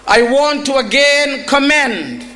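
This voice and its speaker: A man giving a formal public speech as a prime minister, slow and deliberate with emphatic stresses. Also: very high voice, sharp tone.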